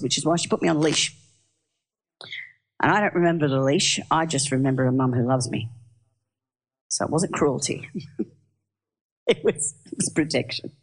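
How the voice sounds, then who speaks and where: A woman preaching a sermon, telling stories in a lively way and asking the audience questions. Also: sits low. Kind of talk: sermon with storytelling.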